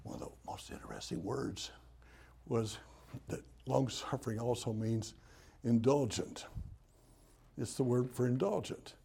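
A man's voice: mid-range voice, sing-song, unhurried, vocal fry, pauses often, warm tone, slightly rough. An older man from Tennessee with a Southern accent, preaching a sermon in a folksy, humorous storytelling way.

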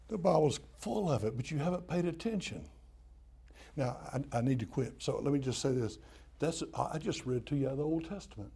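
A man's voice: mid-range voice, vocal fry, mellow, husky. An older man from Tennessee with a Southern accent, preaching a sermon in a folksy, humorous storytelling way.

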